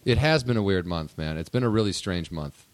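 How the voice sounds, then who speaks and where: Loose, rambling podcast host. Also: male voice, sits low, lively intonation, a little fast, dry recording. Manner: rambling, loose, trails off mid-sentence. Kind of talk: casual podcast chat.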